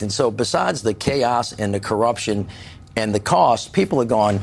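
A man's voice: fairly low pitch, normal speed, gravelly. A man speaking as a guest on a news panel, folksy and emphatic, acting out what ordinary people say. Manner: folksy, emphatic, quotes people in plain talk. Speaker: political commentator guest. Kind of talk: panel discussion.

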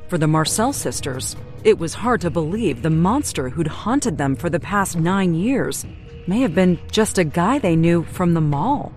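A woman correspondent giving measured, dramatic scripted documentary narration. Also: lowish voice, lively intonation, a little mellow. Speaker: TV news correspondent. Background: music underscore.

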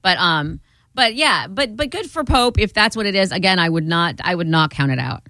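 A woman co-hosting a radio show, chatting in an excitable, rambling, playful way. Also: on the low side, moderate pace, no room sound. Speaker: radio co-host. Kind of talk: casual radio chat.

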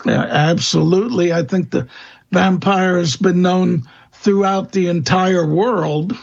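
A man speaking as a guest expert in an interview, answering in a halting way with many fillers and restarts. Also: high-pitched, gravelly, highs cut off. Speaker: guest expert on vampire lore.

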